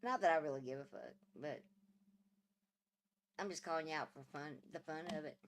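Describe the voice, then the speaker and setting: A woman's voice: deep voice, a little fast. A woman hosting a casual livestream, teasing and laughing with her viewers by name. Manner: teasing, drawling, laughs often. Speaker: channel host.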